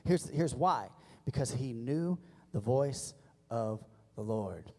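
A man preaching a sermon as pastor, leading the congregation in call-and-response and building to loud emphatic peaks. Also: mid-range voice, animated, takes it slowly. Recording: long church reverb.

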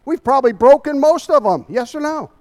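A man's voice: very high-pitched, animated, a little fast. A man giving a Bible study sermon, emphatic and a little out of breath, often asking his listeners rhetorical questions.

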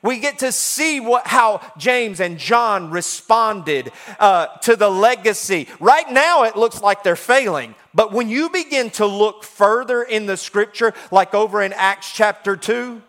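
A man, talking through scripture in an emphatic, folksy, excitable way. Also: high voice, unhurried, hardly any pauses. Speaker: preacher. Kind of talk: animated scripture talk.

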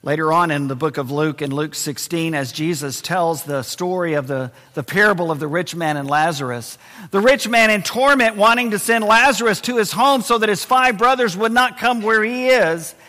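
A man preaching a sermon in a high, bright voice, moving between loud emphasis and quiet intensity. His words ring out with a long reverb, as in a church hall. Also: moderate pace. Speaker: pastor.

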